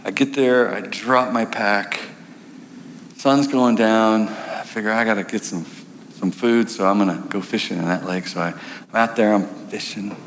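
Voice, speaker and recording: A man's voice: lowish voice, fairly even intonation, moderate pace. A man preaching a storytelling sermon, wry and conversational, turning earnest and weary. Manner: wry, conversational, then pleading and worn out. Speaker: pastor. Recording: echoey hall, faint noise.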